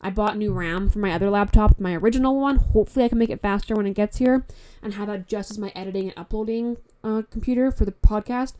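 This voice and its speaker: Podcast host: a worn-out woman from Canada with a blocked nose, mellow tone, blunt and profane, chatting solo into a phone. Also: medium pitch, fast, hardly any pauses, a little hiss or hum. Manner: rambling, frank, swears often. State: stuffy nose; tired. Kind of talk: casual solo podcast chat. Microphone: phone mic.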